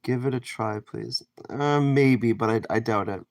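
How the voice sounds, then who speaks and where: A man's voice: mid-range voice, a little slow, creaky, dry recording. A man from Canada chatting casually with viewers on a live stream while he cooks, reading out comments and rambling through his answers. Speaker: livestreamer. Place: home kitchen.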